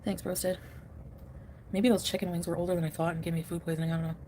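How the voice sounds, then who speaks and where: A woman's voice: on the low side, level tone, fast, dark tone, slight background noise. A woman hosting a casual live stream from home, rambling, chatting with viewers and laughing often.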